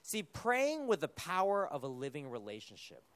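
A man preaching a sermon in a conversational, animated way, with quick asides and self-corrections. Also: on the high side, dry recording.

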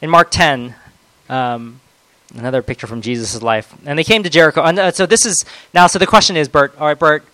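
Guy preaching a chatty sermon, dry close sound, goes loud then quiet. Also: fairly high pitch, a little fast, no echo, rough recording. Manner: conversational, swings between loud emphasis and soft reflection.

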